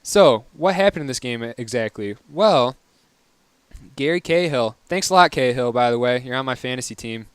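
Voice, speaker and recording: A man's voice: mid-range voice, expressive, normal speed, clear, resonant tone, no echo. A young man hosting a casual solo soccer recap, chatty, wry and opinionated. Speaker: podcast host.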